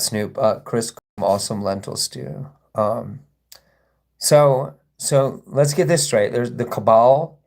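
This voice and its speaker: A man's voice: mid-range voice, darkish tone. A man hosting a casual livestream, rambling and sarcastic as he reads and answers chat comments. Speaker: livestream host.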